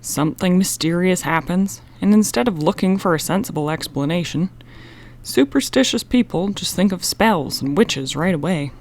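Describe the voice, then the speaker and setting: A woman reading an audiobook, voicing a calm teenage boy who explains things in an unconcerned, matter-of-fact way. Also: on the low side, moderate pace, creaky.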